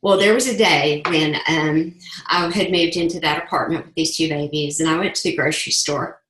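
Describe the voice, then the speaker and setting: In an echoey room, a middle-aged woman working as a sales ambassador delivers an emotional, earnest testimonial, repeating phrases to drive her points home. Her voice sits low and is a bit bright, with fairly even intonation at a moderate pace.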